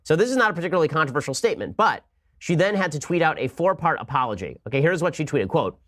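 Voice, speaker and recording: A man hosting a political commentary show, arguing in a sarcastic, rapid-fire way. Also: a little high, sing-song, a bit bright. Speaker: podcast host.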